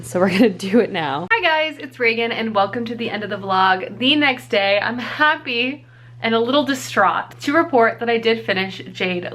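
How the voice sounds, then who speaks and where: Recorded on a handheld vlog camera with a little hiss or hum, a young woman at home chats casually in a medium-pitched, slightly bright voice. She fills her talk with fillers and self-deprecating remarks.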